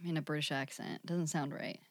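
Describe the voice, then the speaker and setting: A woman's voice: low voice, steady tone, fairly quick, dry recording. Woman, podcast co-host, casual chat, playful, dry close sound.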